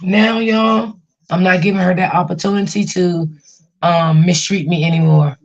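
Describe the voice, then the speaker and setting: A woman's voice: lowish voice, fairly even intonation, normal speed, muffled recording. A woman hosting a casual livestream, venting about family and reassuring her chat viewers, often repeating herself. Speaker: livestream host.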